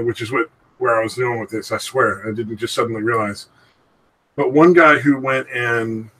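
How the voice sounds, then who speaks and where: A man with a husky, slightly breathy voice talks in a loose, rambling way. He is co-hosting a casual podcast, swears constantly and breaks into laughter often. His pitch sits in an ordinary middle range. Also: fairly bright tone, far from the mic, low-quality recording. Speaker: podcast co-host. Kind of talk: casual chat.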